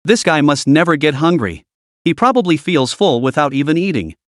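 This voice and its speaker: A man's voice: on the high side, lively intonation, no room sound, clean studio sound, lightly acted. A man voicing a blunt, confident young male college student. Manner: blunt, deliberate.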